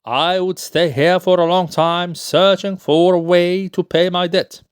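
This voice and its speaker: A man's voice: high-pitched, steady tone, unhurried, clear, resonant tone, dry recording, clean studio sound. A man voicing a boastful young male petty official, an arrogant swindler, as he reads a play aloud. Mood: ingratiating. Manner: indignant, pleading for money, brash.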